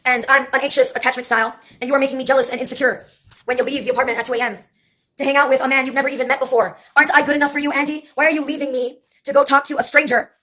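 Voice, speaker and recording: A woman's voice: high voice, level tone, racing, sharp tone. A woman putting on a clingy, jealous friend who pleads and lectures in therapy terms. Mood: pleading.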